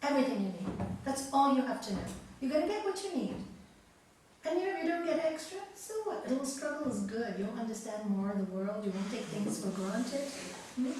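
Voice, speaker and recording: A woman's voice: fairly high pitch, expressive, brisk, a little mellow, slight background noise. A woman yoga teacher talking casually and emphatically to a group, laughing often. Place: group session room. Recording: echoey room from far off.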